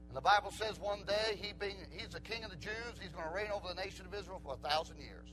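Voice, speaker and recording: A man preaching an old-fashioned sermon, swinging from quiet storytelling to shouted preaching. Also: high-pitched, a little fast, faint music behind, low-quality recording.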